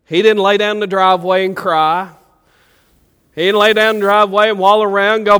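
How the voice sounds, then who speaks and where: Folksy preacher in a reverberant hall. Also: male voice, sits high, level tone, a little fast, smooth. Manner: folksy, meandering, warm storytelling with many fillers. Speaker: pastor. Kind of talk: sermon with storytelling. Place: church sanctuary.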